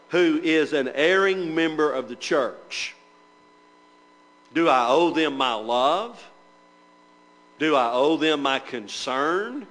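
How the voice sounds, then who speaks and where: Guy preaching bible class, kinda high voice, lots of rhetorical questions. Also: a bit bright, rough recording. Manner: asks rhetorical questions, reads scripture in old wording. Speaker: preacher teaching church members.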